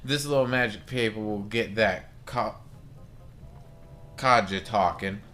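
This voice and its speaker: A man's voice: on the low side, unhurried, fairly bright tone, faint music behind. A man doing a sassy barkeeper lady with a put-on Southern drawl. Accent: attempted Southern US. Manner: drawling, calls listener honey.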